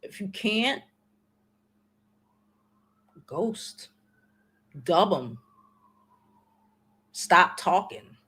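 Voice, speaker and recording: A woman's voice: medium pitch, expressive, drawn-out words, pauses often, pushed and bright, breathy edge. A woman in her forties, hosting a livestream and giving blunt, slangy, profane advice in casual chat to her viewers. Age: 40s. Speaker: livestream host.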